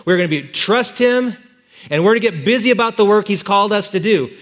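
A man's voice: high-pitched, brisk, fairly bright tone, voice pushed up. A man voicing a flustered ancient husband, eager to please his wife and talking in an exasperated, coaxing way.

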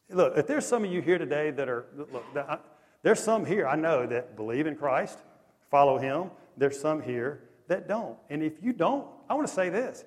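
Animated preacher in an echoing hall. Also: male voice, medium pitch. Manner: animated, conversational storytelling with lively swings in loudness. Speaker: pastor. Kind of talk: sermon. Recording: long echo of a large hall.

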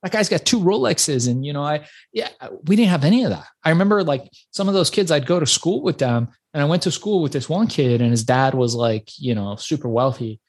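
A man's voice: a little high, fairly quick. Iran-born man telling his story. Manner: animated storyteller with frequent restarts. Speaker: podcast guest. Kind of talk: casual interview storytelling.

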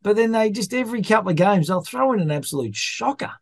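A chatty Australian man hosts a casual sports chat, his voice sitting a little high. He tells yarns and calls everyone mate. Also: expressive, fast talker, gravelly, no room sound, clean studio sound. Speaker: podcast host.

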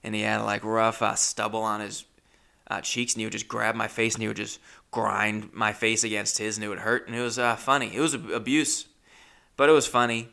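A man's voice: fairly low pitch, little pitch movement, fairly quick, gravelly, pushed and bright. A man telling a rambling, awkward, self-deprecating comic story with many restarts. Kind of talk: stand-up storytelling.

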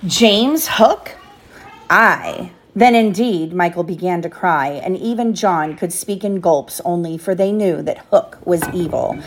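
A woman's voice: lowish voice, a little slow. A woman reading a children's storybook aloud to her child, lifting her voice for the characters' lines.

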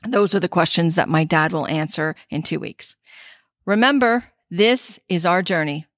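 A woman's voice: on the low side, normal speed, dry recording, clean studio sound. A woman hosting a spiritual podcast, reflective and heartfelt. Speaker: podcast host. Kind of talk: casual podcast talk.

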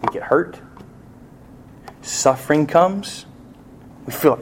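Man preaching a sermon, hushed to pleading. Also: mid-range voice, moderate pace. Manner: storytelling, swings from hushed to loud pleading. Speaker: pastor.

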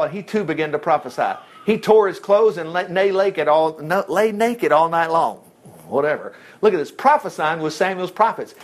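A male pastor, preaching a sermon and retelling a Bible story in a lively, conversational way. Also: high-pitched. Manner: animated storytelling preacher, jumps between whispers and loud exclamations.

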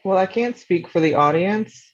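A woman's voice: fairly low pitch, expressive, normal speed, no room sound. A young woman guest on a podcast, talking casually and easygoingly over a video call. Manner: easygoing, reads a summary aloud. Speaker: guest, host's younger sister. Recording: slightly muffled video call audio.

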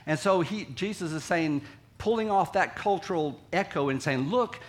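Guy pastor giving a sermon, kinda high voice, talks like he's chatting w the congregation, gets loud when he acts stuff out. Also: moderate pace. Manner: conversational, acts out quotes with big swings from quiet to loud. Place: church sanctuary.

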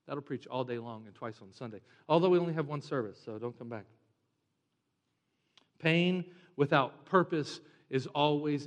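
Man, pastor, sermon, animated with humor, reverberant church hall. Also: medium pitch. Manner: animated, preaching with humor and mimicked whiny voices. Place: church sanctuary. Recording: long reverb of a large hall.

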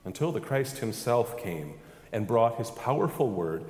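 A man's voice: medium pitch, big pitch swings, measured pace, darkish tone. Preaching man in an echoing hall. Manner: emphatic preaching with rhetorical questions. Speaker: pastor. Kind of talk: sermon.

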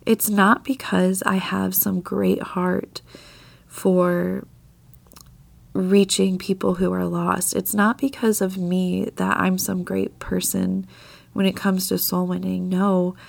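A woman's voice: medium pitch, gravelly, dry recording. A woman hosting a devotional podcast, speaking earnestly with a slightly scratchy voice as she gets over a mild illness. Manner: earnest, confessional, soft laughs. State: scratchy voice from tail end of an illness. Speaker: podcast host. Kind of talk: devotional Bible talk.

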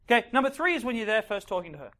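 A dating coach delivers a live seminar talk to an audience in a high, rapid-fire voice. He's animated, acts out scenes, and keeps checking in with "right?" and "okay?"

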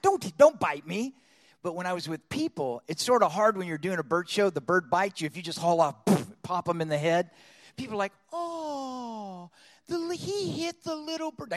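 Male storyteller preacher, high pitch, lively and dramatic delivery. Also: long reverb tail. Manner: animated storyteller acting out voices. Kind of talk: storytelling sermon.

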